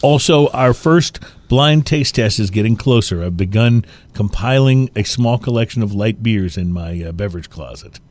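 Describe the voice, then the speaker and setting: A man co-hosting a casual chat show, relaxed and rambling with a self-deprecating humor. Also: on the low side, normal speed, few pauses. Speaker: podcast co-host.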